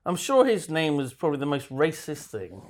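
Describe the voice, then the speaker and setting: A man in a casual chat throws in short, wry, sarcastic jokes and the odd swear word. His pitch swings around a lot as he talks. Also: wildly swooping pitch, brisk, a little hiss or hum.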